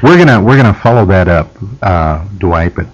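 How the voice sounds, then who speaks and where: A man with a fairly low voice hosts a radio talk show, keeping the talk moving with his studio guest. His intonation rises and falls a lot. The broadcast sounds dull and lo-fi. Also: expressive, normal speed. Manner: conversational, steers the talk and reads plugs. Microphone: studio microphone.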